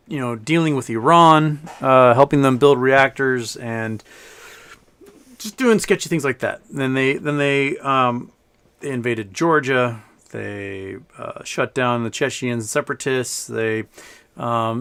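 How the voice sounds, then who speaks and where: A man's voice: medium pitch, a bit bright, clear, resonant tone. A man hosting a casual livestream, talking in a loose, rambling way with frequent fillers and restarts. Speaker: livestream host.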